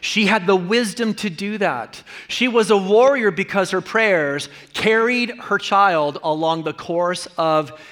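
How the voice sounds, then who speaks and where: A man's voice: sits high, a bit bright. A man, a pastor, preaching a sermon in an earnest, conversational way and repeating key lines.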